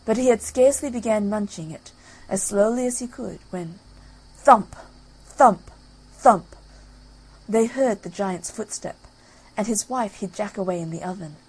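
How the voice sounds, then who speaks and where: A woman narrating a bedtime fairy tale audiobook, lively and storytelling. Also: mid-range voice, moderate pace, hardly any pauses, breathy edge, low-quality recording. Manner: lively storytelling with loud sound effects.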